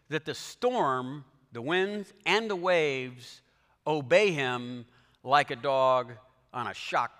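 A man's voice: a little high, pushed and bright, big-room sound. A man preaching a sermon as pastor, telling a story with dramatic quoted lines.

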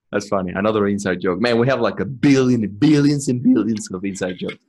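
A man's voice: on the low side, moderate pace, a little mellow. A man co-hosting a podcast, talking in a profane, emphatic way and laughing often. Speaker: podcast co-host. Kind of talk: casual chat.

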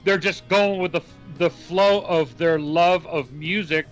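A man's voice: a little high, fairly even intonation, a little slow, lo-fi sound. A man co-hosting a casual music chat, easygoing and defensive, with hesitant fillers. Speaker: music podcast co-host.

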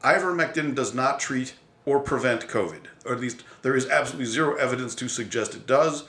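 Male podcast host, mid-pitched, blunt and exasperated, swears freely, roomy echo. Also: a bit bright. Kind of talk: opinionated solo commentary.

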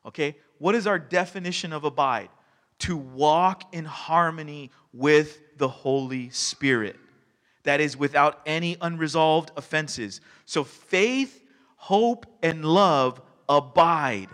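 A male pastor delivers a sermon in a chatty, lively way, breaking into laughter as he tells stories. His voice sits somewhat high for a man. The sound rings with the long reverb of a church hall. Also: takes it slowly. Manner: conversational, animated storytelling with laughs. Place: church sanctuary.

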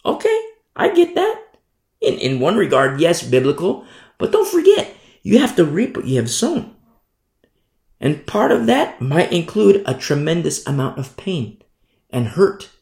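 A man preaching a sermon with emphatic force, swinging from loud declarations down to hushed asides. His voice sits fairly high and has a gravelly edge. The room around him rings with echo. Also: wildly swooping pitch, unhurried, long pauses. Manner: mimics sinners in quoted asides. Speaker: pastor.

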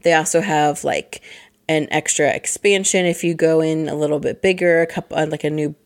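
A chatty woman hosting a casual board game podcast, her voice hoarse and congested from allergies. She sits a little low in pitch and talks loosely, with plenty of fillers and easy laughs. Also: brisk. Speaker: podcast co-host. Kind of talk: casual chat.

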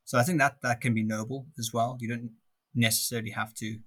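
A man's voice: mid-range voice, level tone, a little fast, a bit bright, breathy edge. A man co-hosting a podcast in casual chat, thinking aloud with frequent restarts. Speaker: podcast co-host.

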